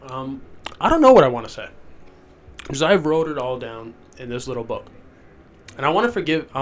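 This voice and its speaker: Recording solo in a rented basement, a sniffly young man rambles through his podcast, loopy and quick to put himself down. His voice is mid-range, and a little hiss or hum sits under it.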